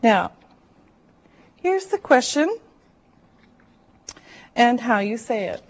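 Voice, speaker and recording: A woman teaching an English class, speaking slowly and deliberately and drawing out words for her learners. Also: fairly high pitch, big pitch swings. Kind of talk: slow classroom instruction. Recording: dull lo-fi classroom recording.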